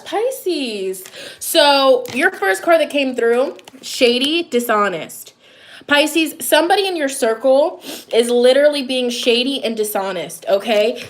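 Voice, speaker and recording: A woman with a high voice gives a casual tarot reading straight to her viewers. She talks directly and repeats her points, breaking off into chatty asides and laughing at herself. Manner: direct, repetitive, addresses listeners as a sign. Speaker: tarot reader.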